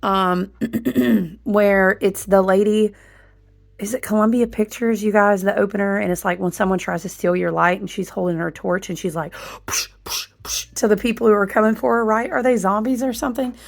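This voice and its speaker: A woman's voice: mid-range voice, steady tone, moderate pace, vocal fry. A woman hosting an astrology and tarot channel, talking in a rambling, stream-of-consciousness way while recovering from a chest cold. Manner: rambling, stream-of-consciousness, with many fillers and restarts. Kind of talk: casual spiritual monologue.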